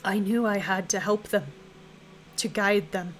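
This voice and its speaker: A woman voicing a shadowy, immortal, time-bending being in a visual novel, speaking in a low, hushed, solemn way. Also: measured pace, a little hiss or hum, natural voice, rough recording. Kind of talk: visual novel line reading.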